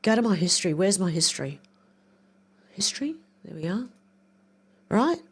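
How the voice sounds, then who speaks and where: An older woman chats on her livestream in a loose, rambling way. She reads viewer comments aloud and thinks out loud while she clicks around. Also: medium pitch, sing-song, normal speed, slightly rough. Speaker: livestream host. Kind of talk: casual livestream chat reading viewer comments.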